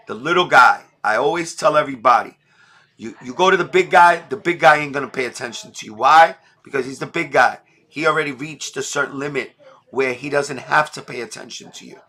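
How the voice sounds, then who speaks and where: A man's voice: mid-range voice, bright, forceful tone. Blunt New man on a livestream. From New York. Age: middle-aged. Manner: blunt, repetitive street slang. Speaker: livestream host. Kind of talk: emotional casual livestream talk.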